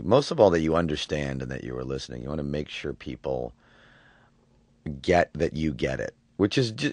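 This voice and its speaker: A man around forty, a voice actor talking in an interview, halting and restarting his words often. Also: very deep voice, a little mellow, dry recording. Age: 40s. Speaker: voice actor guest. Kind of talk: relaxed interview talk.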